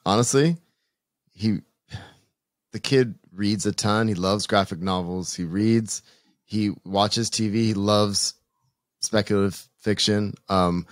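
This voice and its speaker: A man with a lowish voice, talking earnestly on a podcast with plenty of restarts. The sound is dry and close, with no room around it. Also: no room sound. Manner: earnest, halting, many restarts and laughs. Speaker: podcast co-host. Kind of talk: casual podcast chat.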